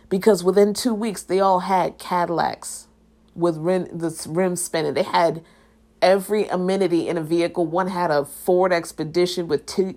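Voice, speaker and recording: A young adult woman hosting a podcast, telling a personal story in a blunt, animated and profane way. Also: on the low side. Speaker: podcast host. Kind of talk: casual storytelling.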